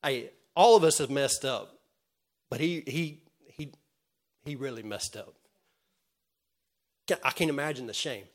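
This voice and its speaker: A man preaching a sermon in an earnest way, with many restarts, moving from loud calls to the congregation to quiet retelling. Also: mid-range voice, unhurried, long pauses. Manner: earnest, swings from loud calls to soft storytelling; stammering restarts.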